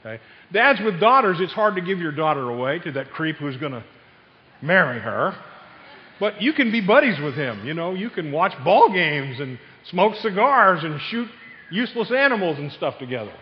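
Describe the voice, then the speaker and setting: An older man preaching a sermon, telling family stories with sudden loud outbursts. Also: on the high side, sing-song, moderate pace. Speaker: pastor. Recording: dull sound with long hall reverb.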